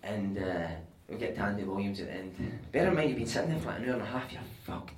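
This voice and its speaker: A Scottish man telling animated, sweary anecdotes on stage at a live podcast show, often laughing as he talks. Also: fairly low pitch, quick pace. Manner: animated, sweary, laughing through his stories. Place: live venue with audience. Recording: echoey room, mic at a distance.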